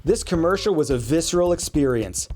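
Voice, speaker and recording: Male host, higher voice, playful comment reader, light music underneath. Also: lively intonation, a little fast, a little mellow. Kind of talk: casual interview, reading viewer comments aloud.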